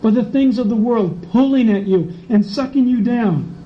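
A middle-aged pastor with a very high-pitched voice preaches at a moderate pace, filling his sermon with personal stories. An animated storyteller, he acts out voices and laughs; the recording is slightly dull with faint background noise.

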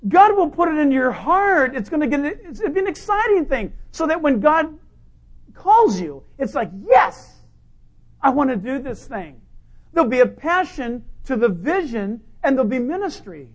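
A male pastor preaching a sermon in a conversational, humorous way, full of rhetorical questions and swinging between loud and quiet. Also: very high voice, big pitch swings, moderate pace, muffled recording.

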